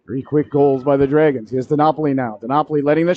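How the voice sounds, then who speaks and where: A man calling a high school hockey game play-by-play, cracking jokes between plays and shouting on goals. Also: fairly even intonation, fast talker, dry recording. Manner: jokey asides, rises sharply to shouts on goals. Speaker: play-by-play commentator. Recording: dry, dull lo-fi broadcast audio.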